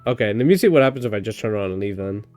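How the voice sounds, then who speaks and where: Man hosting a let's play, relaxed and wry, slightly low voice. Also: rapid-fire, no room sound, soft background music. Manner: laid-back, reads choices aloud, sarcastic asides. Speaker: gaming channel host. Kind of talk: casual let's play commentary.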